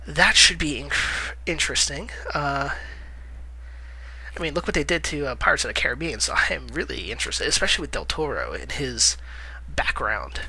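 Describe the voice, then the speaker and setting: A man's voice: on the high side, very animated, normal speed, vocal fry, pushed and bright, slightly rough, low-quality recording. A man giving casual movie-news commentary in a vlog, rambling with lots of "uh" fillers, correcting himself and chuckling wryly at his own remarks.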